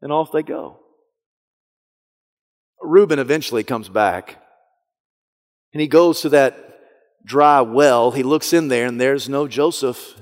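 A male pastor preaching a sermon, retelling a story dramatically, dropping to a hush and then rising loud. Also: mid-range voice, slow pace, pauses often. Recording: long hall reverb.

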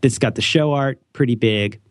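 Animated rambling middle-aged man. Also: normal speed, no room sound. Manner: animated, rambling, jokey, with sudden high leaps. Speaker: podcast co-host reading an ad. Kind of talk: casual podcast chat.

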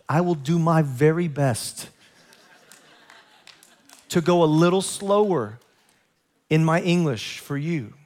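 A male pastor preaching a sermon to his congregation, excitable and animated, mixing scripture with humor. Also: a little high. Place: church sanctuary.

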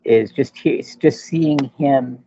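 Brief: husky, gravelly male co-host, stop-start casual film chat, dull dry recording. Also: mid-range voice, warm tone. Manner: halting, repeats words. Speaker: podcast co-host.

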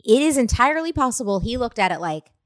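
A woman's voice: on the high side, very animated, fast talker, no room sound, clean studio sound. A woman co-hosting a podcast in casual chat, talking things through sympathetically. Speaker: podcast co-host.

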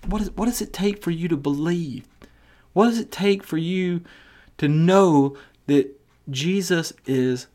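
A man's voice: fairly high pitch, darkish tone. A man teaching a Bible passage on his podcast, earnest, acting out the quoted voices, with some stumbling restarts. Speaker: podcast preacher.

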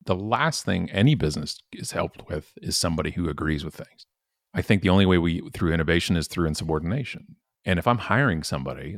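Forties male podcast guest, emphatic and animated; very low, lively pitch. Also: creaky, no echo, studio quality. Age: 40s. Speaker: guest speaker. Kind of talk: conversational podcast interview.

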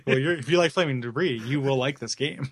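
A man's voice: mid-range voice, quick pace, husky. A man co-hosting a podcast in casual chat, talking in a chatty, enthusiastic way and laughing often. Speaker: podcast co-host.

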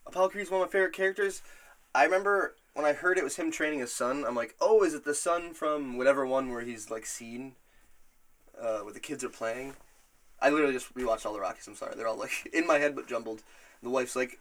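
A man hosting a casual podcast, retelling scenes in a rambling, profane, animated way. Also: mid-range voice, fast. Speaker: podcast host.

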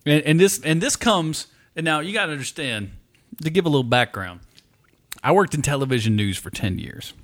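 A man hosts a casual podcast with quick, profane, joking banter. His voice sits fairly high and moves lively up and down. The recording is dry and close. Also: dry recording. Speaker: podcast host.

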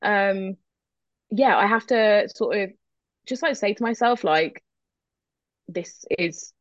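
A woman's voice: medium pitch, animated, unhurried, no echo, dull audio. A woman guest in a casual interview, talking candidly with a self-deprecating streak, swearing casually and laughing easily. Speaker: guest, metal vocalist.

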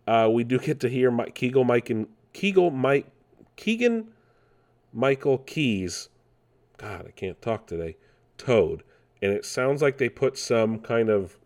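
A man's voice: fairly low pitch, darkish tone. A man casually hosting gaming news, rambling with many fillers and restarts. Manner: rambling, with frequent fillers and self-corrections.

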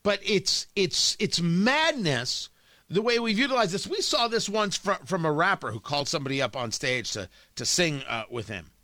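A man with a high, bright voice delivers an emphatic talk-show monologue, his pitch swinging widely as he stresses points. He often stumbles and repeats words before pressing on. The sound is dry and close, with no room around it. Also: big pitch swings, moderate pace, no room sound. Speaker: radio talk host. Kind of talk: opinionated monologue.

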